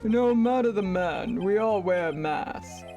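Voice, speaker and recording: A woman voicing an arrogant masked male prosecutor in a deep, slow, theatrical voice. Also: mellow, faint music behind. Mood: smug.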